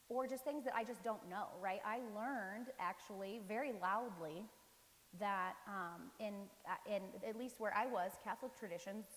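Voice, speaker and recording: Woman preacher, casual conversational sermon, chatty with restarts, middle pitch, long hall reverb, faint hiss. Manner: conversational, many fillers and restarts. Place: church.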